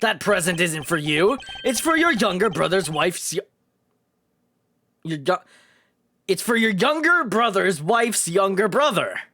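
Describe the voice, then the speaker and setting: A man voicing a stern male investigator boss in a video game, in a low, commanding tone. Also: sing-song, measured pace, long pauses, bright, forceful tone, dry recording, full character voice. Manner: commanding, clipped.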